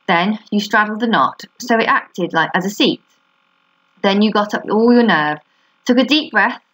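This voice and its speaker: A woman teacher reads a children's chapter book aloud, steady and expressive. Her voice sits a little low for a woman and carries the story at an even read-aloud pace. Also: rough recording.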